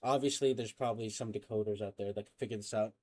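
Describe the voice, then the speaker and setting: A young man hosting a reaction video, talking casually and haltingly with lots of slang and filler. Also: on the low side, steady tone, a little mellow.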